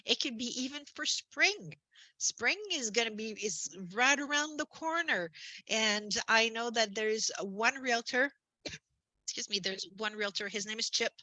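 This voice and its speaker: A woman coaching realtors in an upbeat, chatty way, full of little asides and self-corrections. Her voice is bright and forceful, and it sounds dry and close with no room echo. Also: a little high, measured pace. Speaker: business coach. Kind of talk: conversational marketing presentation.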